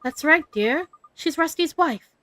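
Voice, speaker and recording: A woman's voice: high voice, lively intonation, unhurried, pushed and bright, pitched above the performer's own voice, exaggerated voice. Name: none. a woman reading as a gossipy old neighbor lady. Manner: fussy, sympathetic, chatty. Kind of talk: reading game dialogue aloud.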